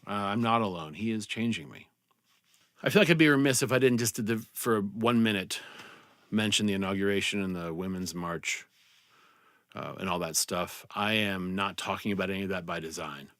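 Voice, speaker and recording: A middle-aged man with a lowish voice speaks earnestly to his viewers, pausing and restarting as he searches for words. His voice drops quietly and he sounds close to tears. The recording is dry and close, with no room sound. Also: dry recording. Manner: earnest, halting, restarts and trails off softly. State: tearful, choked up. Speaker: vlogger and speaker. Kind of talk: reflective personal talk to camera.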